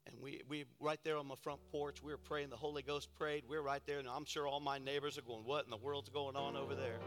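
A man's voice: medium pitch, flat delivery, brisk, few pauses, soft background music. A man preaching a sermon as pastor, telling a story with fervent delivery. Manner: storytelling, building to loud preaching; soft and intimate in storytelling, loud and fervent in exhortation.

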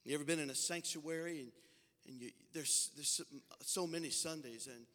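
A man's voice: fairly high pitch, normal speed. A man, a senior pastor, preaching a Pentecostal sermon with impassioned fervor and a folksy, storytelling way of talking. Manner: impassioned preaching that swells into loud, fervent passages; folksy, conversational storytelling between climaxes. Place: church sanctuary. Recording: long hall reverb from a large sanctuary.

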